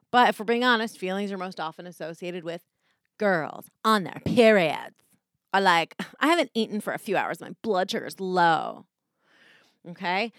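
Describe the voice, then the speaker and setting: A woman's voice: medium pitch, no echo, clean studio sound. A woman hosting a casual self-help talk, candid and swearing freely, often acting out quoted voices. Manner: candid, profane, animated, acts out quoted voices. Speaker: podcast host.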